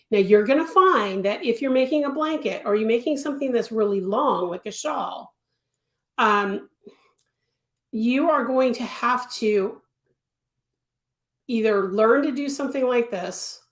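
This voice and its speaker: A woman teaching crochet in a live-stream tutorial, answering viewers in a chatty way and repeating words for emphasis. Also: mid-range voice. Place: home craft studio. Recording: echoey room.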